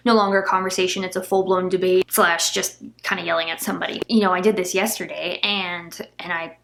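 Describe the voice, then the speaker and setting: Young woman vlogger, raspy fry, candid and emotional telling of a family conflict. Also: fairly low pitch, level tone, brisk, a bit bright, a little hiss or hum. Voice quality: gravelly fry. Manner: emotional, recounting an argument, near tears at times. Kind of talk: candid personal vlog storytelling.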